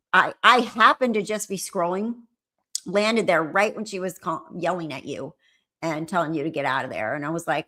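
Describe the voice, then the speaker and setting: Bright-voiced woman chatting on a live stream. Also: lowish voice. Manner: chatty, reads and answers viewer comments. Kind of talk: casual live-stream chat.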